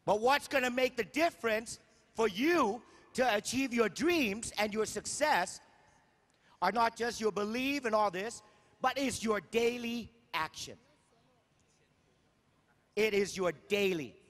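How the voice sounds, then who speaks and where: A man's voice: high voice, animated, slow, pauses often, fairly bright tone. A man giving a motivational stage speech at a sales convention, emphatic and repetitive, firing rhetorical questions at the crowd. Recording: long hall reverb.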